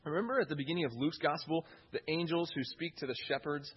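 A man's voice: on the high side, fast, husky, muffled recording. A man preaching a sermon in an earnest way, often repeating key phrases for emphasis.

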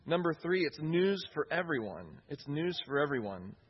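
A man's voice: on the high side, very animated, normal speed, husky, highs cut off. A man preaching a sermon in an earnest way, often repeating key phrases for emphasis.

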